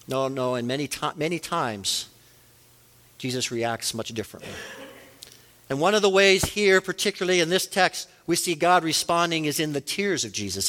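A man's voice: fairly high pitch, fairly bright tone. A man preaching a sermon as a pastor, earnest, rising and falling for emphasis. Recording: long reverb of a large hall.

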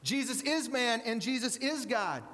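A man's voice: very high-pitched, animated, measured pace, a bit bright, big-room sound. A man preaching a sermon to a congregation that includes children. He speaks conversationally, repeats words and asks the audience questions.

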